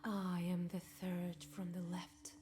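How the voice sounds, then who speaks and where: A man's voice: sits high, completely flat delivery, slow, background noise, voice pushed up. A man voicing a desperate young changeling girl in a breathless whisper, as whispered role-play. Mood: eerie. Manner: whispering eerily.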